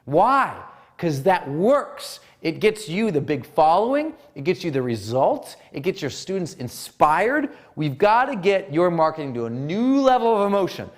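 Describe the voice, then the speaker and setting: Man, marketing coach, animated sing-song delivery, pitch swinging widely, a bit high. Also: unhurried. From Montana, US. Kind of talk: energetic instructional talk.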